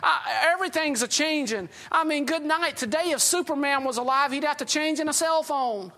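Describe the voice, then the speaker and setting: A man's voice: very high voice, fairly quick, sharp tone. A man preaching a sermon in a folksy storytelling way, often chuckling as he talks.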